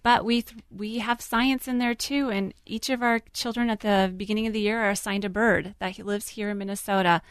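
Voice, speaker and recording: Brief: woman teacher, mid-pitched, earnest explainer, dry close sound. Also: steady tone, brisk, hardly any pauses, smooth, no room sound. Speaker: kindergarten teacher. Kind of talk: casual radio interview.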